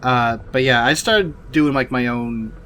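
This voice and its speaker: A man chats casually while streaming a game, leaning on fillers as he rambles. His voice sits in a middle pitch. Game music plays clearly behind him. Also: measured pace, pushed and bright. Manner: chatty, full of fillers. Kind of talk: casual gameplay commentary.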